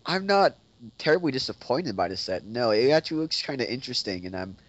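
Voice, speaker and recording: A man's voice: medium pitch, big pitch swings, quick pace. Hesitant man on a lo-fi podcast. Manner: hesitant, restarts a lot and leans on "like". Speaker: podcast co-host. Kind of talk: casual podcast chat. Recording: dull lo-fi audio.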